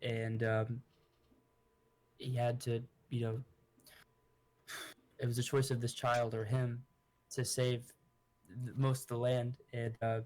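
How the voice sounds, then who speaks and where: A man's voice: mid-range voice, flat delivery, slow, pauses often, a little mellow, natural voice. A man playing an earnest, rambling noblewoman. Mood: sorrowful. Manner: rambling and hesitant, with many restarts. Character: grieving noblewoman adventurer, earnest.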